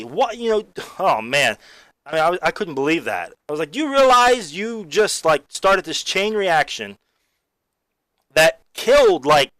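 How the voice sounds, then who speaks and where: An excitable man with a fairly high voice talks through a movie review. He rambles and restarts his sentences, piling on fillers. The sound is close and dry, with no room in it. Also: no echo. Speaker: film reviewer. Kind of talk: casual spoken review.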